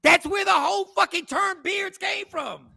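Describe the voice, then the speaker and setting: A man's voice: very high-pitched, normal speed, creaky, sharp tone, no room sound, studio quality. A man hosting a talk show, arguing his point in a casual debate with an insistent, argumentative manner. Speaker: host.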